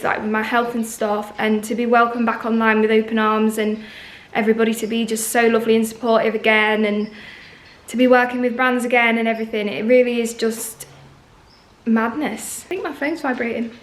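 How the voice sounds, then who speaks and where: Chatty young woman in an echoey flat. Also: fairly high pitch. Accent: London English. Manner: chatty and giggly, with filler words. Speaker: vlogger. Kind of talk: casual home tour vlog. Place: empty flat, echoey rooms. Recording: echoey empty room.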